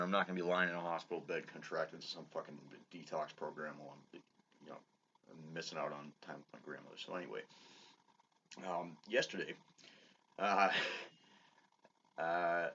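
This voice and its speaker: Low-voiced guy in his 30s ranting casually, bright but kinda husky, sounds a bit dull and lo-fi. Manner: profane, halting, with many restarts and fillers. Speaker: vlogger. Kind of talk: casual rambling monologue. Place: his own bedroom.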